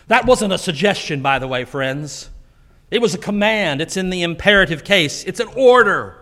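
A man preaching a sermon in a church, telling the story with animated delivery and acting out the quotes. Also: high-pitched, normal speed. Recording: long hall reverb.

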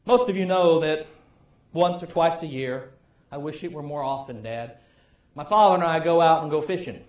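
High-voiced pastor in an echoey church. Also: male voice, normal speed, dull audio. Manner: storytelling, wry, varies loudness widely. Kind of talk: sermon. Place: church sanctuary.

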